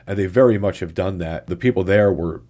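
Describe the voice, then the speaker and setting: A man's voice: low-pitched, a little fast, dark tone. A man co-hosting a casual podcast, rambling along and often repeating words as he talks. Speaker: podcast co-host.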